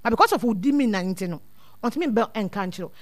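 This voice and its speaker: Lively in intonation and quick in pace, this medium-pitched woman speaks as a child-welfare guest, giving parents sincere advice in an informal, bilingual talk. She tends to repeat words as she thinks, and there's no echo.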